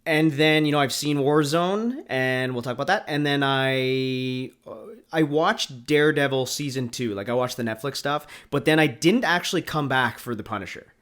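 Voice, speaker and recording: A man from Canada co-hosts a film podcast in casual chat. He talks in a relaxed way, often pausing to find his words. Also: mid-range voice, clean tone. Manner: relaxed, hesitant. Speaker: podcast co-host.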